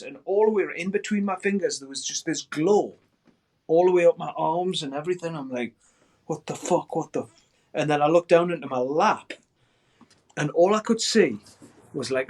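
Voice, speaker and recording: A man in his sixties, a guest musician, telling a story in a podcast interview with lots of swearing and shouted quoted lines. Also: fairly high pitch, animated, normal speed, breathy edge.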